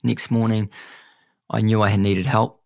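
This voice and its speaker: A young man with a New Zealand accent, a podcast guest telling a painful personal story in an earnest, halting way, often saying "mate". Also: fairly low pitch, little pitch movement, creaky, darkish tone, no room sound, studio quality.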